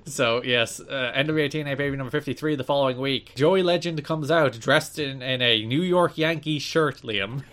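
A man's voice: mid-range voice, moderate pace, hardly any pauses, fairly bright tone. A man co-hosting a podcast, recapping wrestling shows in casual, opinionated chat with a wry edge. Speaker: podcast co-host.

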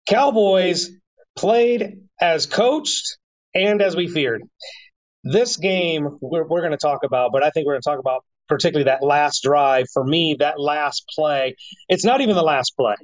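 A man's voice: a little high, dry recording. Exasperated man on dull, lo-fi audio. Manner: exasperated, rapid-fire one-liners. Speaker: podcast co-host. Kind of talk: casual sports podcast chat.

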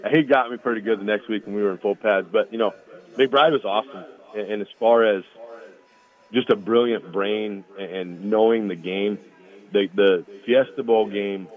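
A man with a fairly low voice and fairly even intonation chats at a normal speed, a one-time college football lineman recounting rambling stories by phone. He laughs through each anecdote, and the phone audio is tinny.

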